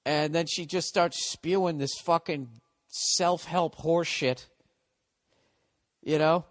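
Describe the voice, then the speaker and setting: A man's voice: a little high, fairly even intonation, slow, no echo, studio quality. A man who is a comedian and podcast host, telling a story as a casual, profane rant full of swearing, exasperated and correcting himself as he goes. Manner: self-corrects and restarts mid-story.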